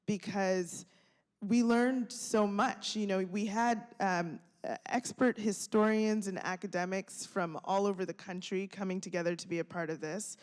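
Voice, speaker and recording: A woman's voice: medium pitch, darkish tone. A woman filmmaker answering a question on a panel, reflective and candid, often searching for words. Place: museum auditorium. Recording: reverberant auditorium.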